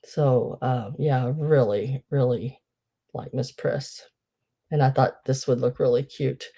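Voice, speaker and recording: A woman's voice: a bass voice, fairly even intonation, slow pace, warm tone, husky. A woman hosting a live online sale, chatting in a rambling way with lots of fillers. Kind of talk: casual live-sale chat.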